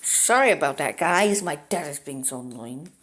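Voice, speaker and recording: A man's voice: fairly high pitch, animated, normal speed, fairly bright tone. A male gamer at home giving casual commentary on a strategy map game, rambling and easily sidetracked, with lots of "like.". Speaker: gaming commentator.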